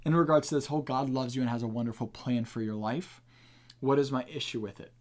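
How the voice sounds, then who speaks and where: An earnest man hosts a podcast and teaches in a casual way. His voice is mid-pitched, and he leans hard on key words as he explains. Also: steady tone, fast. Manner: earnest, emphatic, with restarts. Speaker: podcast host teaching the Bible.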